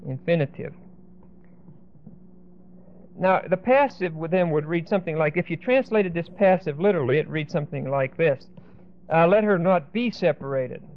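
A man with a fairly high voice leads a Bible class, explaining each point and pausing to check that the class is following. The recording is dull and muffled, with the top end rolled off. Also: animated. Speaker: Bible teacher.

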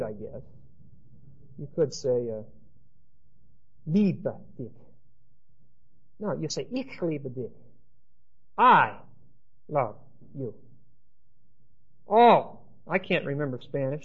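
A man teaching a Bible class, explaining slowly and checking in with his listeners with "right?" and "okay?". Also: high-pitched. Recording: dull lo-fi lecture recording.

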